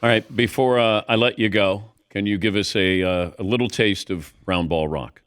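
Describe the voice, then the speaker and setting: Smooth-voiced male radio host. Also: on the low side, moderate pace, fairly bright tone, no room sound, clean studio sound. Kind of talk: casual interview.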